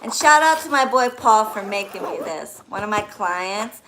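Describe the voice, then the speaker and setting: At a normal speed and medium pitch, a woman talks over the crinkle of packaging on a rough-sounding recording. She gives spiritual readings to clients, and in this casual vlog she opens gifts, chatting, gushing, and squealing when thrilled.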